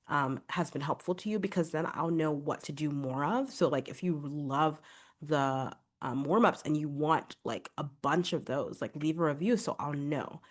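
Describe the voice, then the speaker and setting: Woman, low voice, congested, young adult, chatty, podcast host. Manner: chatty, upbeat, many filler "like"s. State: congested from a cold. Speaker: podcast host and vocal coach. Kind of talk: casual solo podcast talk.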